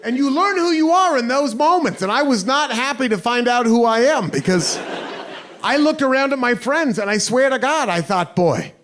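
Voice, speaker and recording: A man from the United States performing a stand-up comedy set with animated storytelling in a live comedy venue. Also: very high-pitched, normal speed. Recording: noisy live crowd laughter.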